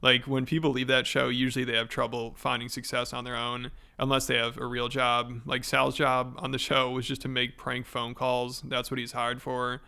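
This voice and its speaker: A man's voice: mid-range voice, monotone, moderate pace, creaky, few pauses, bright, forceful tone, clean tone. A man casually recapping a story for a commentary video, in a chatty, informal way.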